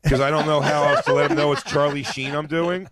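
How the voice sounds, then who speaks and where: A man's voice: a little high, little pitch movement, brisk, over a noisy crowd. A man, a comedian, telling a long self-deprecating story about a failed audition, laughing as he goes. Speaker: comedian guest. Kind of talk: animated storytelling.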